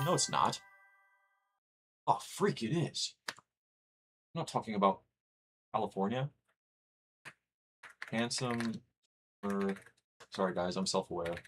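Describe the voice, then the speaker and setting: Young guy streamer rambling to chat, kinda low voice, casual. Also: expressive, takes it slowly, long pauses, a bit bright, a little hiss or hum. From United States. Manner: chatty, rambling, reads chat aloud.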